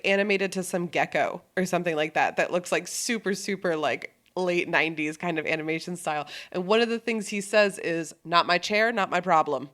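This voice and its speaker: A woman's voice: lowish voice, fairly bright tone. A woman co-hosting a podcast in casual chat, upbeat and laughing often. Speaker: podcast co-host.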